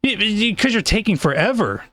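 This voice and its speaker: A man's voice: sits high, very animated, normal speed, sharp tone. A young man hosting a comedic talk show, rambling and cutting in with lots of fillers. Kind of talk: casual comedic chat.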